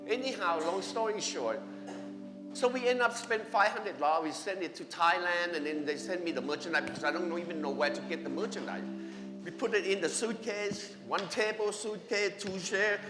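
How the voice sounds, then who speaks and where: A man giving a personal testimony at church, animated and acting out conversations, speaking English with non-native grammar. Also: sits high, normal speed. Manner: animated, acts out dialogue with his wife. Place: church hall. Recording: echoey hall with music behind.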